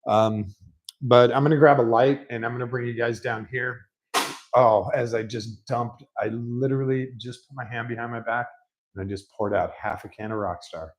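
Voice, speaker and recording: A man talks through a car repair in his home garage, chatty and rambling, often poking fun at himself. His voice sits at a middle pitch and is picked up by a laptop on a rolling stool nearby. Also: steady tone, normal speed, rough recording. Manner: chatty, rambling, self-mocking. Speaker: mechanic showing a repair. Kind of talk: casual workshop vlog.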